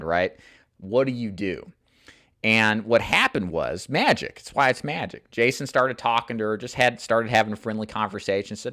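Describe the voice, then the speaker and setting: Host read: a male sales coach, earnest and plain-spoken, low voice, dry close sound, easy fillers. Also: expressive, moderate pace, fairly bright tone, dry recording. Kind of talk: casual coaching talk to camera.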